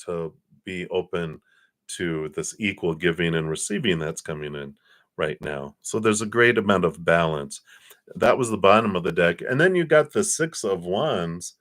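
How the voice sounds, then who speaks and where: A man with a low, deep voice leading a live tarot reading on a stream. He talks easily, laughs a lot between cards and thanks viewers for their donations by name. His delivery is loose and chatty. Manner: relaxed, laughs often, reads viewer names and thanks donors. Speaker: tarot card reader.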